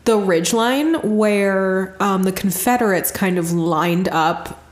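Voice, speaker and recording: A woman's voice: medium pitch, takes it slowly, roomy sound. A woman co-hosting a podcast, telling a story in casual chat, chatty and giggly with lots of fillers. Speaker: podcast co-host.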